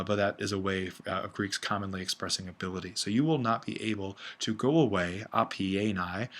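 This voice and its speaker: A man's voice: fairly low pitch, bright, forceful tone. A man teaching a recorded language lesson, thinking aloud with many fillers and self-corrections. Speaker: Greek instructor. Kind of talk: casual recorded lecture.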